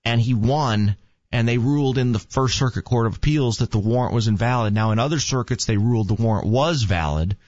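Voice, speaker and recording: A man's voice: medium pitch, a little fast, darkish tone, dry recording. A man chatting casually, telling rambling joking stories. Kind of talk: casual chat. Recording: dull lo-fi sound.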